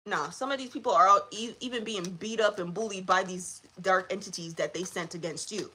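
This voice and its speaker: A woman's voice: medium pitch, a little fast, hardly any pauses, husky. Chatty woman giving a tarot reading. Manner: chatty, animated, laughs often. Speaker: tarot reader. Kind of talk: live collective tarot reading.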